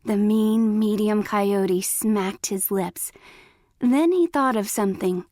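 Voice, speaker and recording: A woman reading a children's storybook aloud, clear and expressive. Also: mid-range voice, slow, no room sound. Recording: dry close recording.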